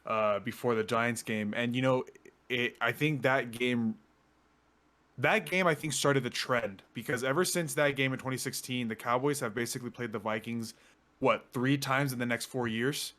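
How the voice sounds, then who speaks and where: A man co-hosting a casual sports podcast. His voice is mid-pitched. He talks in an agreeable, steady way and often chips in with short acknowledgments. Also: moderate pace. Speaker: podcast co-host.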